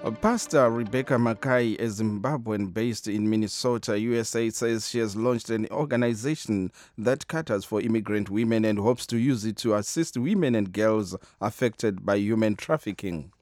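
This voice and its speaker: A man reading the radio news and introducing an interview, formal and measured. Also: on the low side, darkish tone, no echo, clean studio sound, faint music behind. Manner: measured, formal, occasional "uh" before a segment.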